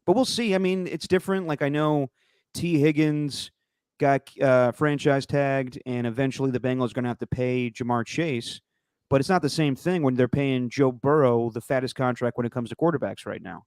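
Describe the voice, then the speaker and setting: A man's voice: medium pitch, moderate pace, clear, resonant tone, no room sound. Jokey man, dry close sound. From Italian heritage. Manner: jokey, excitable, stumbling restarts. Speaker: sports podcast co-host. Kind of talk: casual chat.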